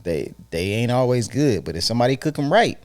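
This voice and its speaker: A married man co-hosting a casual podcast, giving animated, earnest relationship advice with frequent restarts. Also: medium pitch, a little fast, no echo. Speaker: podcast co-host. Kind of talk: casual chat.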